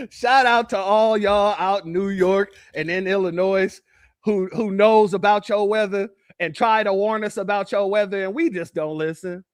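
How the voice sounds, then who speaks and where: A man's voice: high voice, no room sound, studio quality. A man from California giving casual commentary, laughing often and repeating himself. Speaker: commentary channel host.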